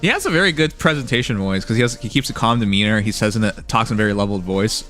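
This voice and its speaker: A man's voice: on the low side, racing. A man bantering casually with friends, making wry and provocative jokes. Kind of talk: casual group chat on a livestream. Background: faint background music.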